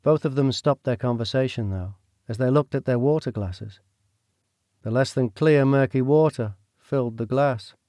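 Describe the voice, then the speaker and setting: Speaking at a normal speed and medium pitch, a man narrates a scripted audiobook with a steady, even storytelling manner. The studio-quality sound carries no echo.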